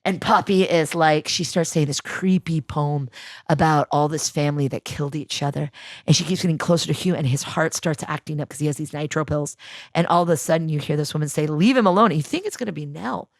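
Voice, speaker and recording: Gravelly woman retelling a story animatedly. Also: sits low, a little fast, no echo, studio quality. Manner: animated retelling, acting out characters' lines. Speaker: podcast guest. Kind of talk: casual chat.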